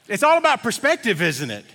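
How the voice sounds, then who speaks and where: Bright-voiced middle-aged pastor preaching. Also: male voice, high voice, slightly rough. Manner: folksy storytelling with many fillers. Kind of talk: sermon. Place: church sanctuary.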